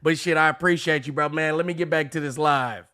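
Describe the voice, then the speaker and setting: A man hosting a live-stream reaction, talking casually and breaking into loud joking rants. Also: a little high, steady tone, a little fast.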